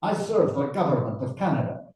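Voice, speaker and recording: A man voicing a gruff older Scottish male government minister while reading aloud from a novel, with a thick Scottish accent. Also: mid-range voice, very animated, a little fast, warm tone, recorded from a distance, pitched above the performer's own voice, close to an everyday voice. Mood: hearty greeting. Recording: very echoey room, voice from afar.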